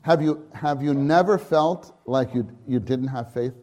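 A man delivers a sermon at an easy, drawn-out pace. He speaks haltingly, restarting phrases, then lifts into fervent emphasis. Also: mid-range voice, mellow, muffled recording. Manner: unhurried, halting, with many restarts and fervent rises. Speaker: preacher. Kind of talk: conference sermon.

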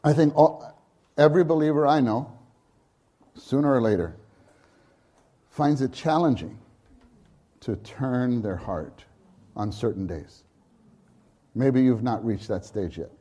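A man preaching a sermon at a conference, unhurried and halting, with many restarts and sudden fervent rises. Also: mid-range voice, warm tone.

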